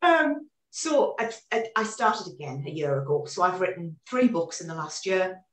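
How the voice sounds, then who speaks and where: A woman in her forties, a guest in a casual interview chat, telling her story in an animated way with many restarts, heard over a video call. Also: on the low side, normal speed, reverberant, far from the mic. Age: 40s.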